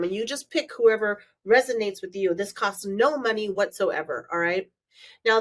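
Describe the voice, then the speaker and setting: A woman's voice: mid-range voice, far from the mic. A woman hosting her own podcast as a manifestation coach, talking frankly and bluntly in a solo monologue, swearing freely.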